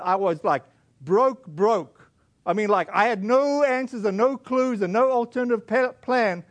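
A man from South Africa tells his story from the pulpit in an earnest sermon voice. His voice sits high, and he often restarts his sentences as he speaks. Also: unhurried. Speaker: pastor. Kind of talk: sermon testimony.

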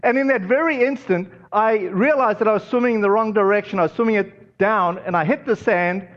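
A man with a fairly high voice preaches in an easy, chatty way, full of ums and asides. The audio is a bit dull and muffled. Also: a little fast. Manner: conversational, storytelling with many fillers. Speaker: pastor. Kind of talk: sermon.

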